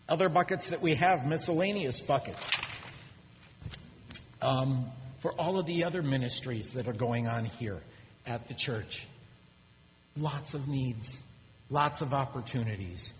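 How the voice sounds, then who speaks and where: A man preaching a sermon as pastor, telling stories with animated, rising energy. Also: a little hiss or hum. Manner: animated storytelling, rising pitch when excited. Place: church sanctuary. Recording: muffled recording in a large reverberant church.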